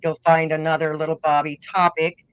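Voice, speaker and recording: With a low, fairly flat voice and clean, echo-free sound, she talks fairly quickly. A middle-aged woman with a northern Minnesota accent, she's a guest musician-podcaster in a casual interview, telling meandering stories punctuated by laughter.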